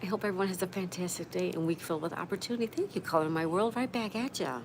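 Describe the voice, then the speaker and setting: A woman's voice: fairly low pitch, racing. A woman hosting a casual live stream, chatting and reading viewer comments aloud while greeting each person by name. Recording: steady background noise.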